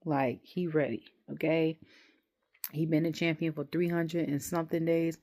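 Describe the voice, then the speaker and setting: A woman's voice: deep voice, fairly even intonation, moderate pace, mellow. A young adult woman, rambling animatedly through a casual wrestling review and acting out the voices she quotes.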